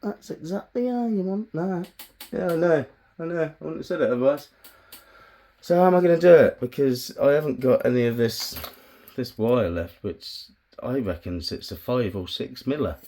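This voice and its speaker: A man's voice: mid-range voice, normal speed, mellow. A man vlogging as he works on a bonsai, chatting casually, bantering with himself and swearing freely. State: out of breath. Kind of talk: casual self-talk while working.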